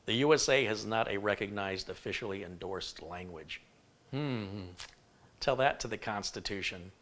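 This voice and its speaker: A chatty man hosts a live stream, talking loosely from one aside to the next. His voice sits a little low, and he reads viewer comments aloud as he goes. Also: moderate pace, fairly bright tone. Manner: rambling and chatty, often laughing and reading viewer comments aloud. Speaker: PC building livestream host. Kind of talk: casual live-stream chat.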